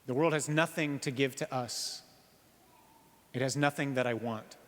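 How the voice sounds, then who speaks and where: A priest giving an earnest sermon, slowing down on key phrases and asking the listeners rhetorical questions. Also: male voice, medium pitch, fairly bright tone. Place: church. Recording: reverberant church hall.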